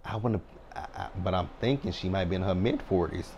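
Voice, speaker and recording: This TV recap host, a man in his thirties, talks briskly in a deep, slightly mellow voice, sassing and chatting bluntly about a reality show while repeatedly saying "child" and "right?". The recording lacks high frequencies and carries a little background noise.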